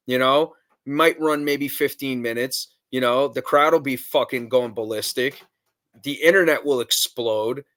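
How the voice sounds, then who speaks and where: A man's voice: medium pitch, a bit bright, no echo, clean studio sound. A man co-hosting a wrestling podcast, chatting casually and bluntly, swearing freely as he speculates about the card. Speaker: podcast co-host.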